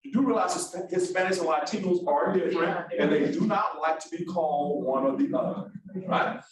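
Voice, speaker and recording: Lively high-voiced man teaching. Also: heavy reverb, distant mic, rough recording. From Alabama, US. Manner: brisk, animated, calls on the room. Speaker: workshop instructor. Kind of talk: interactive classroom lecture. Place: large echoey classroom.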